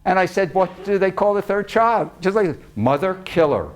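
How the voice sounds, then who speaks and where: Man lecturing with lively, joking storytelling. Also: high voice, moderate pace, heavy background noise. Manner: lively storytelling, acts out quoted dialogue, joking asides. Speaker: psychologist giving a public talk. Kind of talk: lecture to a live audience. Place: room with a live audience.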